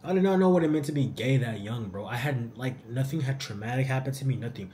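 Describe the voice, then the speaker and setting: Animated young man saying "bro" a lot. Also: mid-range voice, fast talker, a little hiss or hum. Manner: animated, slangy, says "bro" often. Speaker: YouTuber answering viewer questions. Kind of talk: casual Q&A vlog.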